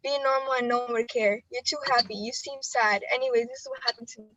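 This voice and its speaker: A woman's voice: fairly high pitch, fast, a bit bright, no echo, lo-fi sound. Teen girl reading poetry over a video call. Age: teens. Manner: earnest, emotional delivery with nervous laughs between poems. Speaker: student poet. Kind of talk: spoken word poetry reading.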